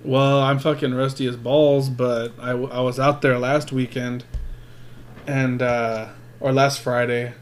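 A man's voice: mid-range voice, level tone, unhurried. Profane rambling man telling stories. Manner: profane, rambling, restarts a lot. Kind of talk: crude casual storytelling chat.

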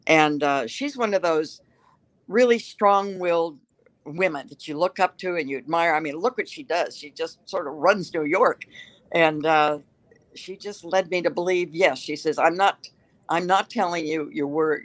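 An older woman, a guest writer, tells stories in a casual interview, chatty and self-mocking. Her voice sits low at a moderate pace, with no room sound.

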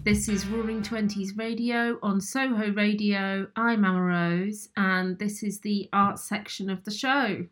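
A woman hosting a radio show, introducing the next track in a casual, relaxed way. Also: mid-range voice, measured pace, hardly any pauses, soft background music. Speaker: radio host. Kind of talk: radio presenting.

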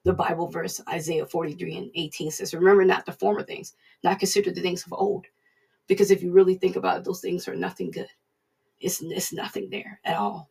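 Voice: medium pitch, fairly even intonation, brisk, gravelly, darkish tone, breathy edge, distant mic. A preacher giving a casual devotional talk, conversational and repeating points for emphasis.

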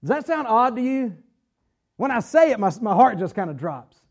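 His voice is high and full of wide pitch swings as he earnestly preaches through a Bible study. When he reads scripture he gives it measured weight, dragging out important phrases and slowing down hard for emphasis.

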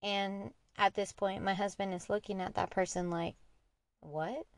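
Gravelly young woman telling a story. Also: mid-range voice, flat delivery, normal speed, no echo. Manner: earnest, candid, retelling conversations. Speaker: podcast host. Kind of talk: personal storytelling monologue.

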